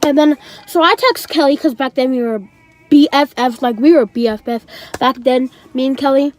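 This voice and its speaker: A woman's voice: high-pitched, moderate pace. A teenage girl vlogger casually telling a dramatic story, full of "I'm like" asides. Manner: chatty, dramatic retelling with many "I'm like" asides.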